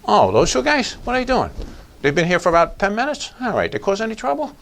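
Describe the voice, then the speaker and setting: Animated older man lecturing police leaders. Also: high-pitched, fast, vocal fry. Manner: emphatic, animated, asks rhetorical questions.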